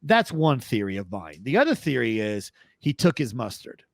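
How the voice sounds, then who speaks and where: A male podcast co-host chats casually and spins animated, profane stories. His voice is mid-pitched and recorded very dry, with no room sound. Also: normal speed, vocal fry, no room sound. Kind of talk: casual chat.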